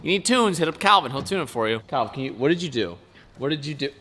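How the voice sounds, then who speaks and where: A young man hosting a casual car vlog, chatting excitedly with lots of "like" and "dude". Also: a little high, quick pace. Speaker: car vlogger host. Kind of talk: casual chat. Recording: loud background noise.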